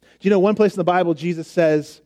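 A man's voice: sits high, steady tone, fast, mellow. A man preaching a conversational sermon, emphatic at times and dropping almost to a whisper at others. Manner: conversational, emphatic, with frequent restarts and drops to near whisper.

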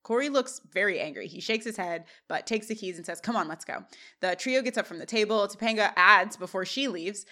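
Woman, podcast co-host, casual recap chat, middle pitch, lively retelling. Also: a little fast. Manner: animated scene retelling with laughs.

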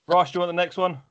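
A man's voice: sits high, a bit bright. A man hosting a sports podcast, putting fan questions to his guest in an easygoing, teasing way. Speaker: podcast host. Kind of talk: casual podcast interview. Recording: dull lo-fi audio.

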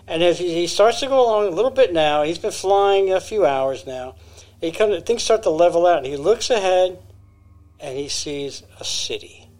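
A man co-hosts a podcast with a slightly high-pitched voice. He retells a strange story in a rambling, casual way, full of fillers and self-corrections. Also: expressive, moderate pace, a little mellow. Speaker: podcast co-host.

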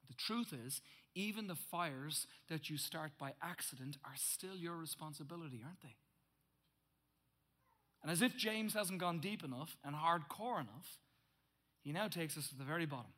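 A middle-aged male pastor preaching a sermon, swinging from loud emphatic bursts to hushed, intense asides. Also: a little high, expressive, normal speed.

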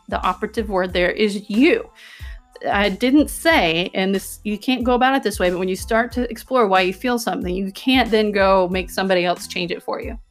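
A woman hosting a self-help podcast, talking earnestly and coaching her listeners, often checking in with "okay?" and "right?". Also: medium pitch. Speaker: podcast host.

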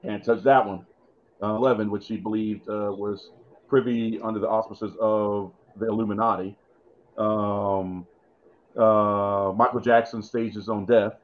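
A man's voice: lowish voice, flat delivery, measured pace. Rambling male podcast co-host. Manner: rambling, thinks aloud with many fillers. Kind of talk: casual chat about wrestling. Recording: muffled lo-fi audio.

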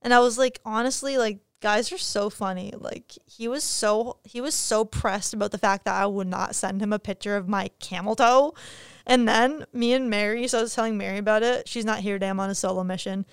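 A woman's voice: medium pitch, steady tone, fairly quick, clear, resonant tone, no echo, clean studio sound. A young adult woman hosting her own podcast in frank, profane, jokey casual chat. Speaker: podcast host.

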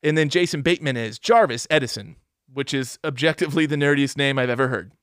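A man's voice: mid-range voice, a bit bright, clear, resonant tone, no echo, studio quality. A man co-hosting a casual podcast, reading out film credits between crude jokes. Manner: joking, crude banter, reads cast lists haltingly.

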